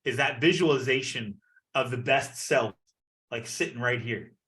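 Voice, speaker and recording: A man coaching a business community on a video call, energetic and playful, acting out the people he quotes. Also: mid-range voice, normal speed. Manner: energetic, acts out quoted voices. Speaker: network marketing leader.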